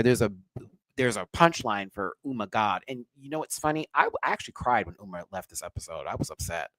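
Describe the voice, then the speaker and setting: A man with a mid-range voice rants bluntly through a live review, swearing freely. His voice swings from low muttering to loud, high exclamations. The sound is dry and close, with no room echo. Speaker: drag race reviewer and channel host.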